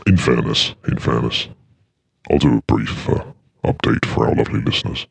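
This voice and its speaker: Between tracks on his internet radio show, a man with a rumbling low voice, vocal fry and a husky edge chats at a moderate pace, with no room sound. His casual links are dry, rambling and self-mocking.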